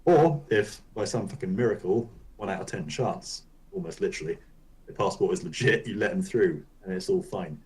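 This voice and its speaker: A man's voice: low-pitched, normal speed, a little mellow, poor audio. A man co-hosting a gaming podcast, rambling loosely through a casual chat and swearing now and then. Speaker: podcast co-host.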